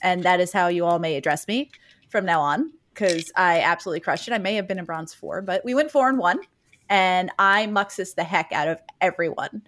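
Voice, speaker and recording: A woman's voice: on the low side, fairly quick, fairly bright tone. Brief: giggly female co-host, playful bragging. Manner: giggly, boastful in fun. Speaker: podcast co-host. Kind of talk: casual chat.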